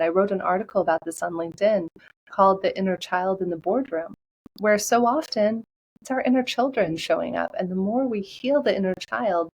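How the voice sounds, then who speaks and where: Upbeat animated woman guest. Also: mid-range voice, slightly rough, low-quality recording. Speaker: podcast guest, coach. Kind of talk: casual interview talk.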